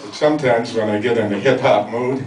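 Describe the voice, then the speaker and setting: Older guy from the chicago area doing standup, dry self-roasting jokes, sounds far off in a boomy noisy club. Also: steady tone, fairly quick, a little mellow. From Chicago area, USA. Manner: dry self-mocking punchlines. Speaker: stand-up comedian. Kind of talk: stand-up routine. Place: comedy club. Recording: echoey, distant, noisy club recording.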